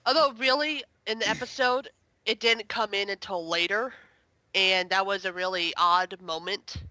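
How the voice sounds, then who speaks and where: Chatty woman with a bright, dry voice. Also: mid-range voice, fairly even intonation, dry recording. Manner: chatty, exasperated, quick asides. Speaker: guest reviewer. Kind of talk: casual podcast review chat.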